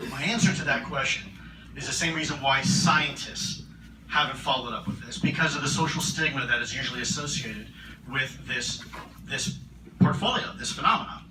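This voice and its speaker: A man answering audience questions at a conference, earnest and measured, often repeating his words. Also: medium pitch. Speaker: conference keynote speaker. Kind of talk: public Q&A answers. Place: large conference hall. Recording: roomy hall, distant mic, noisy.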